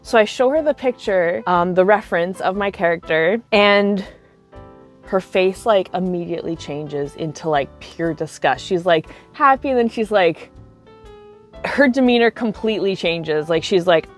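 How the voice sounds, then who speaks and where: A woman's voice: on the low side, normal speed, faint music behind. A young adult woman telling casual stories to camera as a cosplay video creator. She talks in a chatty way, full of likes and you-knows.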